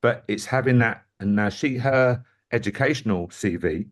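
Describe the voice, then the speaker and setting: A man, a football manager, telling lively stories in an interview and often addressing the host by name. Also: medium pitch, moderate pace. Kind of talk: anecdotal interview storytelling.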